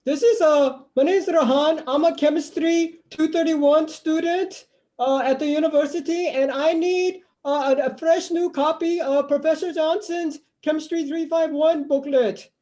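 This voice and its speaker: A man doing a high, stammering foreign grad student in a put-on accent, pleading and apologetic on a phone call, improv acting over video chat. He sounds polite but rattled. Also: steady tone, moderate pace, mellow. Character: flustered foreign male graduate student caller.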